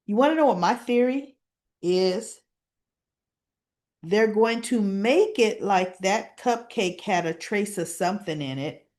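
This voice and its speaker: A woman talking through a soap opera episode in relaxed recap chat. She takes her time and draws each beat out slowly. She keeps tossing in friendly asides as she tells the story. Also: mid-range voice. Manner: chatty storytelling, frequent "right?" asides.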